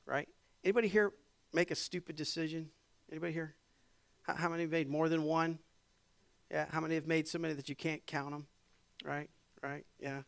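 High-voiced pastor preaching with lively swings. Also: male voice, a little fast, vocal fry, long pauses, clean tone. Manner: reads scripture then explains it in lively conversational asides. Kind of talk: sermon.

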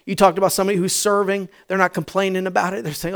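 High-voiced preacher swinging loud and soft. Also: male voice, little pitch movement, racing, creaky. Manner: swings from loud shouting to hushed tones. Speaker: pastor. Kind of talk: sermon.

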